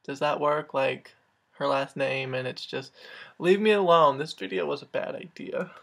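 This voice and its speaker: A man's voice: medium pitch, fairly even intonation, normal speed, gravelly, a bit bright. A young man hosting a comedic vlog, sarcastic and self-mocking, swearing freely. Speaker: vlogger.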